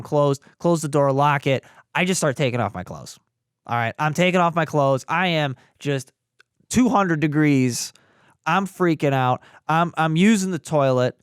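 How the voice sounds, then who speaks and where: A young man with a somewhat high and smooth voice tells a personal story in a casual, lively way, putting on voices for the people in it. The recording is dry and close to the mic. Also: no echo. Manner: animated, acts out voices in the retelling. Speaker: podcast co-host.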